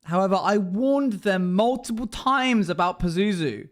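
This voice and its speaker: A man's voice: high voice, expressive, normal speed. A man streaming live as a dungeon master, chatting emotionally and rambling as he reacts to chat. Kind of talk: casual livestream chat.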